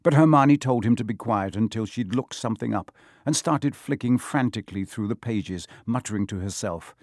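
A man narrating a storybook audiobook in an even, measured way. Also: fairly low pitch, no room sound, clean studio sound. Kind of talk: scripted narration.

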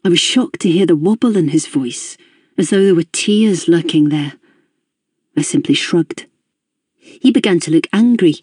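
An audiobook narrator giving a measured, introspective first-person reading of a novel. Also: medium pitch, darkish tone, breathy edge, no room sound, clean studio sound.

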